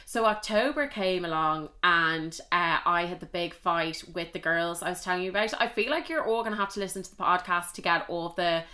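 A young adult woman with an Irish accent and a fairly low, sharp-toned voice talks briskly with few pauses. As host of a podcast, she relates her own stories in a frank, chatty, confessional manner, swearing freely.

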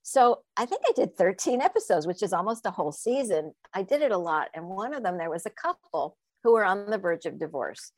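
Animated woman telling stories in an interview, laughs a lot, voice swoops up and down, dry close mic. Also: mid-range voice, fairly quick, few pauses, no echo. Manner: animated, laughing storyteller who acts out quoted voices. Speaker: sex coach and author. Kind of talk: casual interview storytelling.

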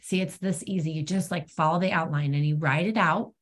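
A middle-aged woman shares at a twelve-step recovery meeting held over an online call, speaking frankly and conversationally with lots of ums. Her voice is deep, fairly even in intonation, a little fast, with hardly any pauses.

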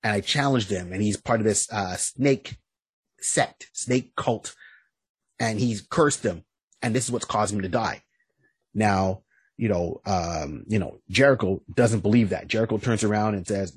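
Casting note: male podcast host, low husky voice, dry close sound, chatty stammering storyteller. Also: normal speed, no echo. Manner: stammering restarts, frequent "you know"; lively storytelling retelling. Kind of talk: casual podcast chat, recapping a comic.

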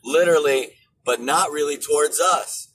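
A man hosting a political commentary show, ranting in an animated way and rising to shouts. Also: a little high, moderate pace, a little hiss or hum, low-quality recording. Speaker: show host.

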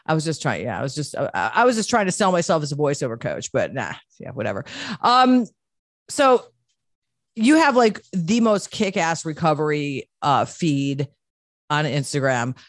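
Lively, joking woman podcast host. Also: low-pitched, normal speed, no room sound, clean studio sound. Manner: joking, profane, self-deprecating. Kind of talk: casual recovery podcast chat.

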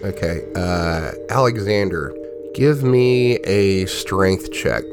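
A man narrating a tabletop game as game master, relaxed and full of fillers. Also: deep voice, takes it slowly. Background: music.

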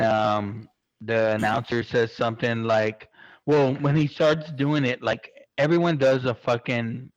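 A man chatting casually, excitable and swearing constantly, rambling with lots of fillers. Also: mid-range voice, no room sound, dull audio. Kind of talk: casual chat.

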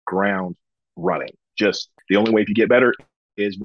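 A man from Georgia, a pro wrestler, telling his story in a relaxed interview, full of ums and acted-out quotes. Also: lowish voice, moderate pace, creaky, no echo, dull audio. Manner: relaxed, chatty, frequent ums, acts out quoted dialogue. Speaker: guest, professional wrestler.

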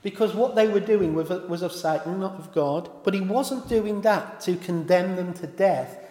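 A man's voice: sits high, normal speed, warm tone. A man preaching a sermon in an informal way, often stopping to correct himself and apologise. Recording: echoey hall with long reverb.

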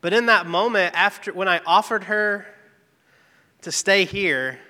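A man's voice: high-pitched, unhurried, pushed and bright. A man giving an earnest, candid devotional testimony, telling a personal story about his work. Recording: long reverb, echoey hall.

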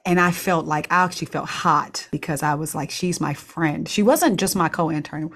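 A woman's voice: low voice, normal speed, fairly bright tone. A middle-aged woman, a pediatrician, candidly telling a personal story with laughs and restarts. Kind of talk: reflective storytelling.

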